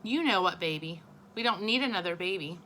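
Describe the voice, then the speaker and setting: A woman's voice: lowish voice, lively intonation, a little fast, bright, forceful tone, a little hiss or hum, low-quality recording. A woman reading aloud and voicing an exasperated, sulky older brother. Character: annoyed older brother, young boy.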